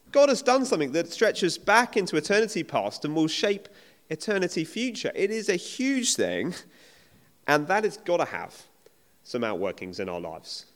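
Male preacher, emphatic and conversational, animated pitch, reverberant church hall. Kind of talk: sermon.

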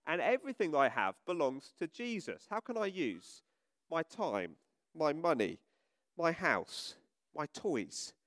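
Male preacher, all-age sermon, high bouncy voice, dry close sound. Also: no room sound. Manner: animated, addressing children with questions. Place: church.

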